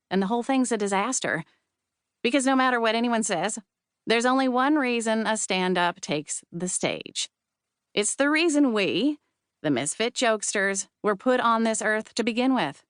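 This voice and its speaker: A woman narrating a comic novel in first person, wry and lively, with a knack for playing up punchlines. Her voice is smooth and crisp, recorded dry on a close studio mic. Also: fairly low pitch, no room sound. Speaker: audiobook narrator.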